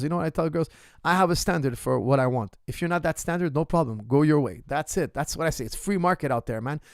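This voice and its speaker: A man's voice: on the high side, vocal fry, a little mellow, no room sound, studio quality. A man coaching in an ask-me-anything session, speaking bluntly and emphatically and repeating his points straight to the viewer. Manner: addresses the viewer directly. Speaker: martial arts coach.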